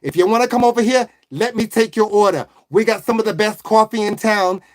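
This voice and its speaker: A man's voice: high voice, a little fast, close to an everyday voice. A man voicing a pushy gossipy diner waitress. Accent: put-on Italian-American.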